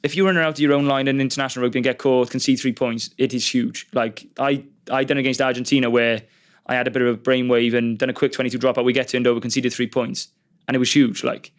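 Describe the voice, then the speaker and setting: Fast-talking young Welsh rugby player. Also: male voice, mid-range voice. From Wales. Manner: quick, animated storytelling with fillers and swearing. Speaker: professional rugby player, guest. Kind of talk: casual podcast chat.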